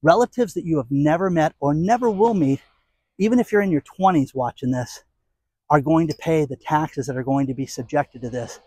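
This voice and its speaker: A man's voice: on the high side, normal speed, darkish tone, no room sound. A man hosting his own commentary channel, ranting outdoors in a heated, exasperated way with sarcastic asides. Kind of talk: angry commentary rant.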